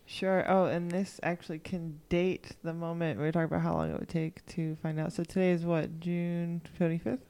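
A woman's voice: low-pitched, steady tone, brisk, hardly any pauses, a little mellow. A young woman who writes poetry, chatting casually among friends and mumbling as she trails off. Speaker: amateur poet. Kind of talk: casual chat.

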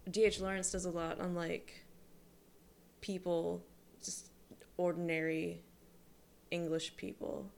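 A young woman talks through her thoughts with friends, pausing often on fillers. Her voice is low and gravelly, and a faint hiss runs underneath. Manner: hesitant, filler-heavy. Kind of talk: casual chat.

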